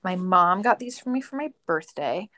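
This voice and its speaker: A woman's voice: on the low side, animated, normal speed, sharp tone, a little hiss or hum. A woman co-hosting a podcast in casual chat, chatty, trailing off mid-sentence and laughing often. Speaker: podcast co-host.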